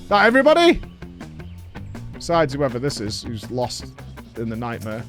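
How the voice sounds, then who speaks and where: A man streaming an online game, chatting casually with teammates and viewers, joking and swearing as he cheers them on. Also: high-pitched.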